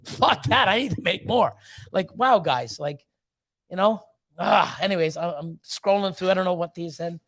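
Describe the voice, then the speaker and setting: A middle-aged man hosting a livestream, talking in an excitable, profane rush and jumping into high squealing bits. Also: moderate pace. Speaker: livestream host. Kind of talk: casual livestream chat.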